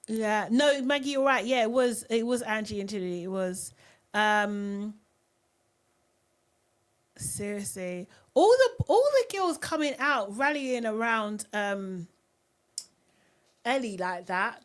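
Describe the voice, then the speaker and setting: A woman's voice: mid-range voice, slow pace, pauses often. A young woman hosting a casual live recap, chatty and giggly, reading viewer comments aloud. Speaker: live-stream host.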